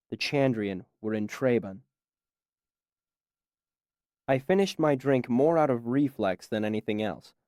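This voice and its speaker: Male audiobook narrator, dry and measured. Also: mid-range voice, darkish tone, no echo. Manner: measured storytelling. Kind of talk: scripted first-person narration.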